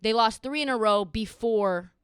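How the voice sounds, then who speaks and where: Young woman doing a sports podcast, sarcastic and lively, dry mic sound. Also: on the high side, clean tone, dry recording. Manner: animated, sarcastic, quick asides. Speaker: podcast host. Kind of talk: casual sports commentary.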